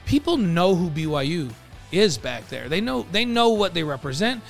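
A man's voice: high voice, very animated, moderate pace, creaky, soft background music. A man from New York co-hosting a casual sports podcast, talking in a loose way full of restarts and repeated words. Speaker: podcast co-host.

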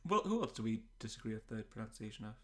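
A man's voice: on the low side, sing-song, quick pace. A man co-hosting a podcast in casual banter, making wry, dry jokes and laughing often. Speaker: podcast co-host.

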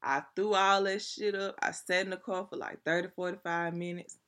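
Bright-voiced young woman telling stories. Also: on the low side, normal speed. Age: young adult. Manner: animated, profane, chatty slang-filled storytelling. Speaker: vlogger. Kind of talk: casual storytelling to viewers.

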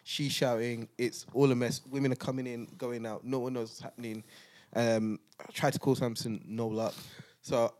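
A man hosting a podcast, telling a travel story in a casual, animated way, laughing and acting out other people's voices. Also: mid-range voice, normal speed, few pauses. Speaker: podcast host.

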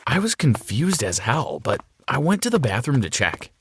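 Expressive male storyteller. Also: medium pitch, normal speed, slight background noise. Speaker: narrator. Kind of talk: first-person story narration.

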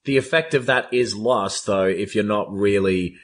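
A man's voice: on the low side, moderate pace. A man co-hosting a casual podcast chat, making offhand, dry remarks. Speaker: podcast co-host, comedian.

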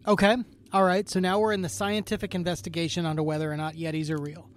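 A young man co-hosting a podcast, answering with short, playful quips in a relaxed chat. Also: fairly high pitch. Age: young adult. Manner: playful, quick quips and banter. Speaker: podcast co-host. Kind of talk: casual chat.

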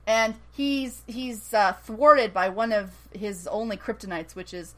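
Animated woman recapping a show. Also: medium pitch, a little slow, low-quality recording. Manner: animated storytelling, laughs often, acts out quotes. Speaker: podcast co-host recapping a TV episode. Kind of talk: casual chat.

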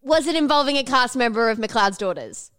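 A young woman co-hosting a podcast in brash casual chat, swearing freely and jumping up in pitch for effect. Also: lively intonation, fairly quick, a bit bright, no echo. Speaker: podcast co-host.

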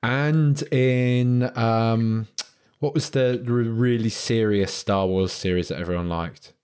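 A man's voice: medium pitch, takes it slowly, a little mellow, smooth. A man co-hosting a podcast in casual chat, laid-back and blunt in his banter. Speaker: podcast co-host.

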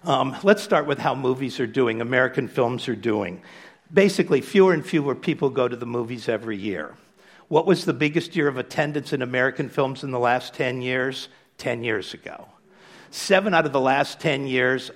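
A man giving a public lecture in a relaxed, conversational way, with frequent fillers. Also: medium pitch.

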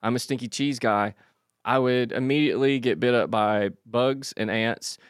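A man's voice: mid-range voice, normal speed, clear, resonant tone, dry recording, studio quality. A man co-hosting a casual comedy podcast, trading crude, self-mocking banter. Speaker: podcast co-host.

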